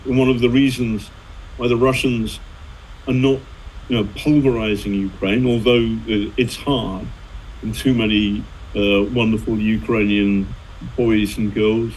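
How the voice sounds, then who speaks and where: A man's voice: on the low side, darkish tone, a little hiss or hum, poor audio. A middle-aged man, a journalist and author, telling anecdotes in a rambling way, full of fillers and restarts. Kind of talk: conversational storytelling.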